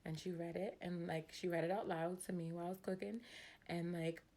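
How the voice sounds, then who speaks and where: A woman in her thirties talking casually and emotionally about parenting, hesitant and soft, full of "like" fillers. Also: lowish voice, level tone, brisk. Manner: heartfelt, hesitant, many "like" fillers; soft-spoken with sighs. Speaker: mother vlogging about parenting. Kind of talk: casual emotional confessional talk.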